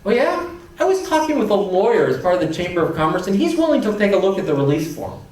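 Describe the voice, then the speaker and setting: A man giving an animated, emphatic conference talk to a room of librarians, acting out quoted voices with playful energy. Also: high-pitched, quick pace. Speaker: conference keynote speaker. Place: large conference hall. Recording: echoey hall, distant mic.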